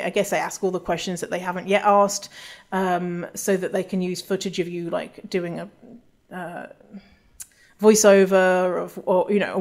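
A woman's voice: fairly low pitch, darkish tone. Woman, podcast host, casual solo talk, candid, swears, many restarts.

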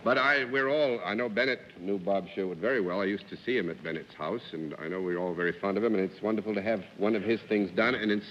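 A man's voice: lowish voice, fast talker, hardly any pauses. A man hosting a live television panel game, formal and wordy, with a jovial laugh. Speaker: game show host. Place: television studio with live audience. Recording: dull 1950s TV broadcast, hall reverb, faint hiss.

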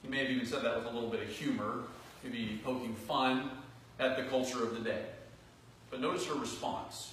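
A man preaching from the pulpit, his earnest voice swelling into emphatic peaks and sinking to quiet asides. He sits at a middling pitch, picked up from a distance so the sound reaches the mic a little late. The sanctuary rings with heavy reverb under a faint hiss. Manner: earnest, swinging between raised emphatic phrases and soft low asides. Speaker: pastor. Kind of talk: sermon. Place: church sanctuary. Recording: distant, very echoey church hall recording with faint noise.

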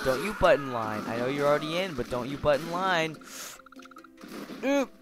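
A man's voice: fairly high pitch, animated, a little slow. A young man doing goofy, rambling gameplay commentary, scolding game characters in mock-stern tones. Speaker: gameplay video host. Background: game music.

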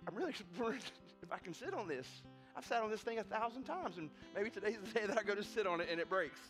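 A pastor delivers a storytelling sermon in a church sanctuary, his notably high, ringing voice full of repeated words and quick restarts. Animated, he slips into other people's voices as he tells his stories, while soft guitar plays faintly in the background.

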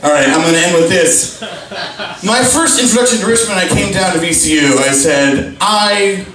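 A man's voice: high-pitched, expressive, fairly quick, fairly bright tone. Young man doing stand-up, echoing in a pub. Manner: rambling, filler-heavy, crude jokes. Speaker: stand-up comedian. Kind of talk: stand-up comedy set. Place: pub stage, live show. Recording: very echoey pub room, distant mic. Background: audience laughing.

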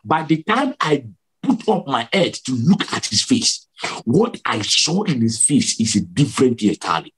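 Husky, lively male preacher. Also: medium pitch, moderate pace. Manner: emphatic, repetitive, dramatic storytelling. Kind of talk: sermon testimony.

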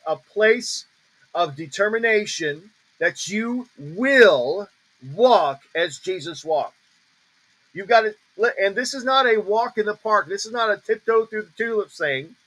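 A man teaching on a ministry call in a preaching style, emphatic and repeating declarations slowly with heavy stress on each word. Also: high-pitched, fairly bright tone, poor audio.

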